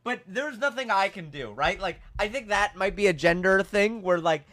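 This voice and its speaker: A man co-hosting a podcast, telling a story in a casual, animated, self-mocking way. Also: high-pitched, normal speed. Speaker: podcast co-host.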